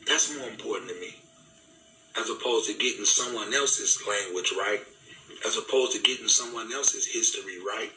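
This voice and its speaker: A man's voice: fairly low pitch, normal speed, pushed and bright, slight background noise. A man giving an impassioned, preaching talk, fervent and repetitive, in casual vernacular. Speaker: speaker. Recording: echoey room, distant mic, faint music.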